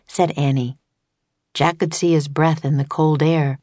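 A woman narrating a children's audiobook in a slow, deliberate, even manner. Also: low voice, no echo. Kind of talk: scripted narration.

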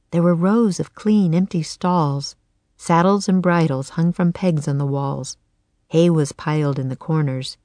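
A woman with a low voice narrates a children's chapter book in a calm, even manner. She is close to the mic in a dry studio recording. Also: no room sound. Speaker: audiobook narrator. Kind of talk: scripted narration.

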